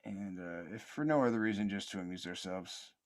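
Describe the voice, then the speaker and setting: A man hosting a podcast, reflecting in a slow, halting way with many fillers and restarts, in a soothing, almost sleepy cadence. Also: sits low. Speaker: podcast host.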